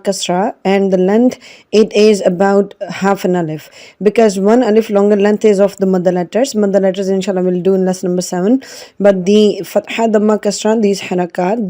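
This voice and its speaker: A woman with a mellow, mid-range voice gives an online Quran reading lesson. She spells things out slowly, patiently drilling each syllable and repeating it.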